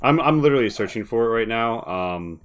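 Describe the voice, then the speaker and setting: A man's voice: medium pitch, lively intonation, fairly quick, a loud crowd. A man playing a tabletop game, talking casually and rambling with lots of fillers. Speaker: player.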